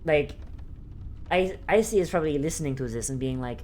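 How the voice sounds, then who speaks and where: A woman's voice: low voice, animated, brisk, a little mellow, soft background music. A young adult woman streaming, chatting casually in a rambling, profane way with many fillers and frequent laughter. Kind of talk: casual live-stream chat.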